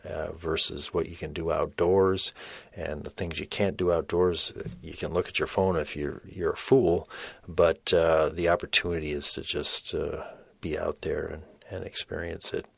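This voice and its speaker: An older man hosting a podcast, reflecting thoughtfully and haltingly with many fillers. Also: deep voice, flat delivery, gravelly, a bit bright, breathy edge, no room sound. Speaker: podcast host.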